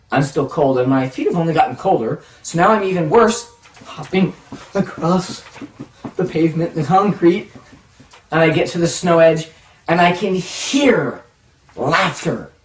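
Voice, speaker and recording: A man telling a self-mocking personal story in a casual, animated way, acting out the dialogue. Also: on the high side, a little slow, pauses often. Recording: roomy echo, distant mic.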